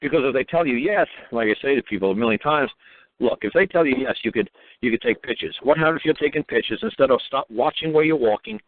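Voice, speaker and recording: A man telling stories in a casual monologue, animated and swearing freely as he acts out the people in them. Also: mid-range voice, quick pace, dry recording. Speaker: talk show guest speaker. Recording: tinny phone line.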